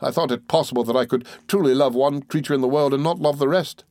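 A man reading an audiobook, voicing a guilt-ridden older gentleman who speaks in desperate, pleading anguish. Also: medium pitch, fast talker, no room sound, clean studio sound, voice pushed up, natural voice.

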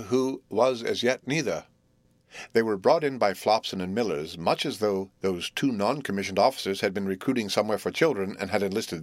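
Male audiobook narrator, lowish voice, dry booth sound, measured wry delivery of period prose. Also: no room sound. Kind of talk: audiobook narration of a classic novel.

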